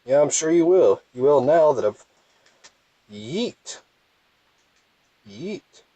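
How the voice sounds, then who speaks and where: A man's voice: on the high side, expressive, a little fast, warm tone, dry recording, rough recording. A young man with a thick Southern US accent, rambling and self-deprecating as he comments casually on his gameplay. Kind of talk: casual let's play commentary.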